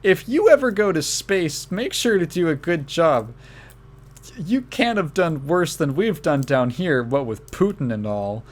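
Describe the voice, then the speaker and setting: A man putting on the high, quavering voice of a sincere, rambling older woman. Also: very animated, measured pace. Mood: earnest. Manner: earnest, rambling.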